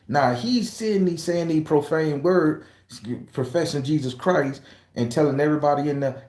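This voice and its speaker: A man's voice: a little high, moderate pace, darkish tone, reverberant. A man casually telling a story to his viewers, profane and emphatic, speaking straight to his audience. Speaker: tarot reader and channel host.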